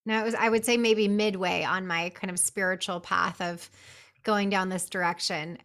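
A woman's voice: medium pitch, steady tone, moderate pace, a bit bright. A woman hosting a podcast and coaching coaches, asking curious, chatty questions in a casual interview.

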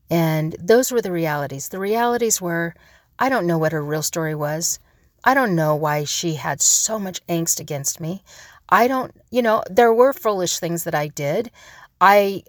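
A woman's voice: on the low side, no room sound, clean studio sound. A middle-aged woman telling a personal story in an earnest, reflective way, often restarting her sentences.

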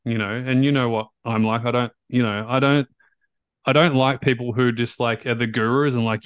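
A man hosts a podcast and tells a long story in a loose, animated way, often repeating himself as he acts out the back-and-forth. His voice sits at an ordinary middle pitch. The recording is close and dry, with no room sound. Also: moderate pace, smooth, no echo. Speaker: podcast host and recovery coach. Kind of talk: casual storytelling chat.

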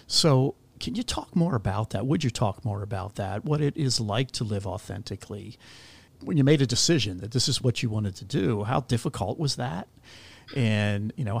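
A man's voice: mid-range voice, creaky, breathy edge. A man hosting an interview, asking long multi-part questions full of fillers and restarts. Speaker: podcast host.

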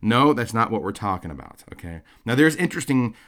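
A man's voice: medium pitch, big pitch swings, a little fast, a bit bright. A man giving a recorded theology lecture in a conversational way, often checking in with "okay?" and "right?". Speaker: course lecturer.

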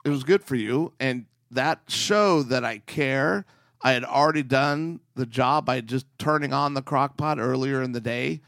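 A man's voice: medium pitch, unhurried, creaky, a bit bright, dry recording, studio quality. A man co-hosting a marriage podcast, chatting casually and playfully with his wife and joking as he tells a story.

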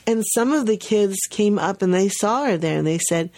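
A woman's voice: medium pitch, moderate pace, few pauses. A woman hosting a podcast in casual chat, telling a story with lots of laughs and acting out the quotes. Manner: lively storyteller, acts out quotes, laughs often. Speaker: podcast host.

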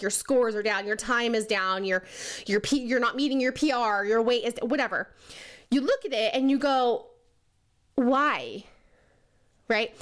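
Leadership coach, woman, casual talk, fairly high voice, laughs a lot, puts on goofy voices now and then. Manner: chatty, laughs often, puts on silly voices for people she mocks; says "okay?" and "right?" a lot.

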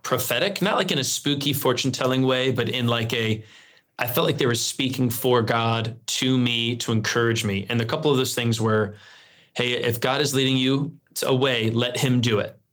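Male guest pastor, 30s, conversational storyteller. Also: medium pitch. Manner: earnest storytelling, relaxed fillers. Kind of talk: conversational interview.

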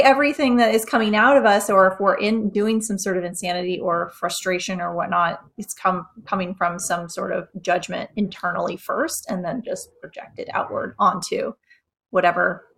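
A woman in casual conversation, agreeable and quick, laughing often. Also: mid-range voice, steady tone, gravelly, a bit bright.

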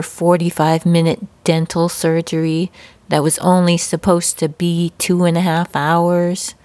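Woman slowly telling a story, bit low voice, laughs as she goes, dry sound. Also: no echo. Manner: warm laughing storyteller, animated retelling. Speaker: life coach and podcast host. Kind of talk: personal storytelling.

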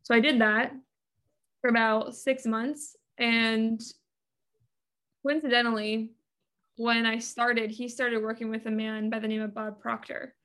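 A woman's voice: on the high side, flat delivery, unhurried, fairly bright tone. A woman guest on a podcast, telling her story in earnest, chatty talk with many fillers. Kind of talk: casual interview talk.

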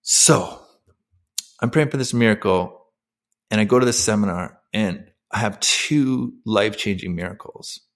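A man's voice: on the low side, measured pace. A middle-aged man, a former pro athlete and podcast guest, telling his personal story candidly and emotionally, with many fillers and restarts.

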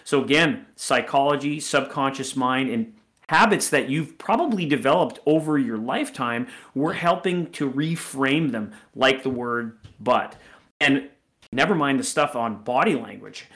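A man co-hosting a sales coaching podcast, explaining points in a measured, teacherly way. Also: mid-range voice, animated, a bit bright. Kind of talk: casual podcast chat.

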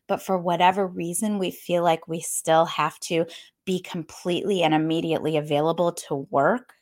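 A woman who is a group fitness instructor, giving a candid, conversational motivational talk and speaking straight to her listeners. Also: fairly low pitch. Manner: warm, candid, addresses listeners directly as y'all; laughs between points, conversational.

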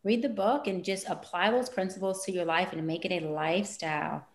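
A woman speaking as a life coach guest in a podcast interview, animated, acting out conversations with her clients in big leaps of voice. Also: on the low side, a little fast, echoey room.

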